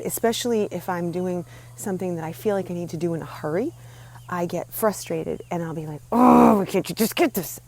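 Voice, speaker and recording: Woman, low-ish voice, earnest casual coaching talk, recorded outdoors with crickets and animals behind. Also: darkish tone. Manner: earnest, conversational, with repeated restarts. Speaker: podcast host and mindset coach. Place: outdoors by a chicken coop.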